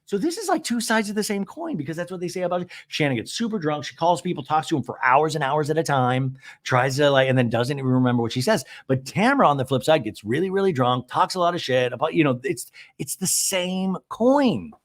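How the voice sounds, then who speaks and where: A man hosting a podcast, recapping a reality show in an animated, gossipy way. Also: a little high, a little fast, hardly any pauses. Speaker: podcast host. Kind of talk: recap commentary.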